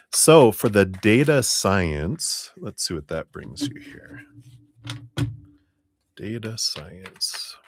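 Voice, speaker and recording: A man doing a live-streamed tarot reading, talking gently and unhurriedly as he offers spiritual guidance. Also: low voice. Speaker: tarot reader.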